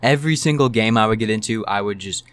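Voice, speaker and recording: In a casual storytime video, a young male YouTuber with a lowish voice talks fast, rambling animatedly and swearing freely.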